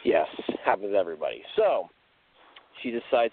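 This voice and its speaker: A man's voice: low voice, animated, normal speed. A man casually telling a spooky story on a podcast, rambling and correcting himself as he goes. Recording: tinny phone-like sound.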